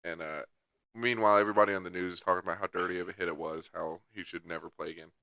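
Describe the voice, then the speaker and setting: A man's voice: sits low, steady tone, very fast, gravelly, pushed and bright, no echo. A young man co-hosting a podcast, chatting casually in a wry, teasing, profane way. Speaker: podcast co-host. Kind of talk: casual chat. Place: studio.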